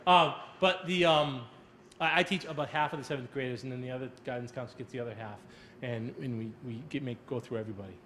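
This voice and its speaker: Fast-talking middle-aged male counselor. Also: mid-range voice, steady tone, fairly bright tone, slight background noise. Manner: rambling, repeats words, informal reassuring. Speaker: school adjustment counselor. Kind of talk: casual panel discussion.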